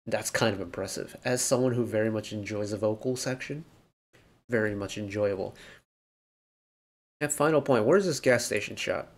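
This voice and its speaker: A man's voice: fairly low pitch, moderate pace, long pauses. A man hosting a music reaction video, talking through the song in an analytical, rambling way with lots of fillers. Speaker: K-pop reaction host. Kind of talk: casual reaction commentary.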